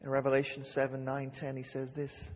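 A man's voice: medium pitch, completely flat delivery, a little fast. A man preaching a sermon with fervor, repeating key phrases and quoting scripture aloud. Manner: impassioned, repeats phrases for emphasis. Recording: lo-fi hall reverb.

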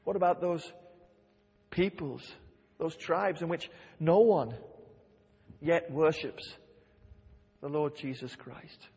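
A man's voice: fairly high pitch, steady tone, slow pace, long pauses, warm tone, breathy edge. A man preaching a sermon with fervor, repeating key phrases and quoting scripture aloud. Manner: impassioned, repeats phrases for emphasis. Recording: lo-fi hall reverb.

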